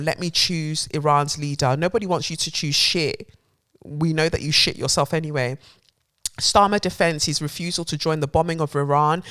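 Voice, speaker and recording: A woman, hosting a podcast, reading headlines aloud and riffing on them in a sarcastic, animated rant with plenty of swearing. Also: low voice. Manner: reads headlines aloud then riffs on them. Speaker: podcast host. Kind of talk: ranting news commentary.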